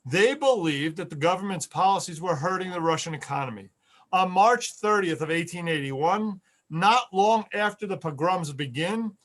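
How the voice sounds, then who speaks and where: A man's voice: sits high, a bit bright. A man giving an online history lecture over a video call, earnest, repeating key words for emphasis.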